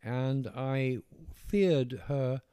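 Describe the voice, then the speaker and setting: Older English author, posh accent, warm low tone, halting and reflective, dry close mic. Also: male voice, smooth, no echo. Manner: measured, hesitant, circles back with restarts. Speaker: author being interviewed. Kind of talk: reflective interview conversation.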